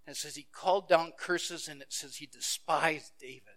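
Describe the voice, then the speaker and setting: A male pastor preaching a sermon. He tells a Bible story and acts out the characters' lines, moving between loud exclamations and hushed, quiet passages. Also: fairly high pitch, fairly even intonation, normal speed, vocal fry, hardly any pauses.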